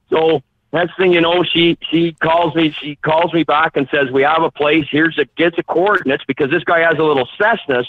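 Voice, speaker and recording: Man telling a story over the phone. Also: a little high. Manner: animated, acts out quoted voices. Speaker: phone-in guest. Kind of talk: anecdotal storytelling. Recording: tinny phone line.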